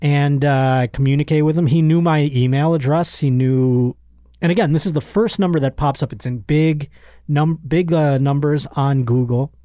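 A man in his thirties hosts a podcast from a studio, telling a long story in a casual, animated way. He slips into other people's voices as he goes. The sound is dry and close. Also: on the high side, normal speed, no room sound. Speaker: podcast host.

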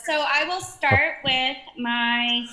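A woman's voice: high-pitched, takes it slowly, pushed and bright, roomy sound. A woman from California calling in to a show, talking casually in a giggly, hesitant way. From California, USA. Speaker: caller. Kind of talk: casual call-in chat.

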